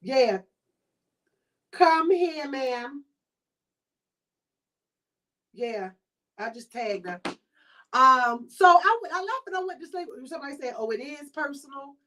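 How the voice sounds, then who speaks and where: A woman with a Baltimore accent hosting a podcast in casual chat, telling stories in a chatty, animated way with quoted asides. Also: sits high, takes it slowly, pauses often. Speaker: podcast host.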